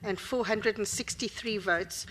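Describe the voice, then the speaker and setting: A hoarse woman with a South African accent, formally reading out figures as a company secretary. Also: mid-range voice, unhurried, fairly bright tone. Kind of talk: formal meeting report.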